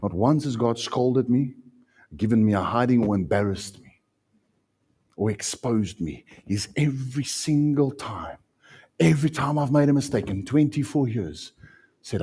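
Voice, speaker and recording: A South African man preaching a sermon with passion, swinging from loud outbursts to hushed lines. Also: medium pitch, animated, measured pace, breathy edge. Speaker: pastor.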